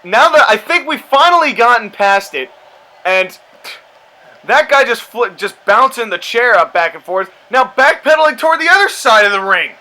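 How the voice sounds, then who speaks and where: A man with a high voice calls a video game match in a loose, rambling way. His tone is bright and tense, full of sarcastic asides and exasperated complaints. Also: big pitch swings, normal speed, rough recording. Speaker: commentator and show host. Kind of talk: casual play-by-play commentary over a video game match.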